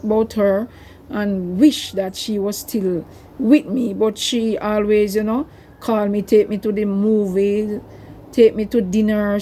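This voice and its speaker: A woman's voice: medium pitch, dark tone, slight background noise. An older woman, telling a personal story to her vlog viewers in a rambling, emotional way. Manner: emotional, rambling, tearful at times. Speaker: vlogger.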